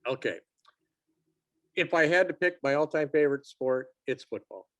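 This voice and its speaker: A man in his sixties who assigns sports officials tells stories as a guest in a casual interview. His voice is fairly high and moderately paced on a dry recording, and he is a lively storyteller who acts out quotes in a raised voice.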